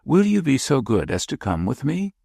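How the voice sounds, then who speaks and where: A man's voice: mid-range voice, wildly swooping pitch, vocal fry, mellow, breathy edge, no echo, clean studio sound, voice pushed up, heavily acted. Man playing a suave, shaken old bishop. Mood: strained courtesy. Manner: suave, courteous, hurried. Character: dignified ageing bishop, suave but shaken.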